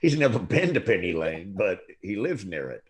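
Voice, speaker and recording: A man's voice: fairly low pitch, sing-song, moderate pace. A man teasing his friends in casual chat, with mock rants and laughter. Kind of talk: casual banter.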